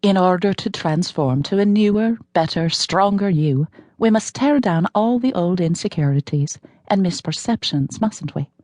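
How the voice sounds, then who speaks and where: A woman's voice: fairly low pitch, animated, moderate pace, few pauses, a little mellow, no room sound, studio quality, lightly acted. A woman voicing a cheerful, fearless female fitness guru with a lilting Irish accent. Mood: coaxing. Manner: lilting, coaxing.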